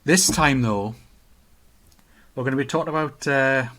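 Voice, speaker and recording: A man's voice: medium pitch, unhurried, a bit bright. Chatty man. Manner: chatty, joking, reads out comments. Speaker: podcast co-host. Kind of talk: casual chat.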